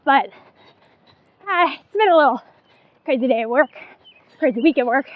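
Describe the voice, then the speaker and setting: A woman co-hosting a casual running podcast, easygoing and quick to laugh along, with brief replies. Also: sits high, animated, dry recording, phone-quality sound. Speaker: podcast co-host. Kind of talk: casual chat.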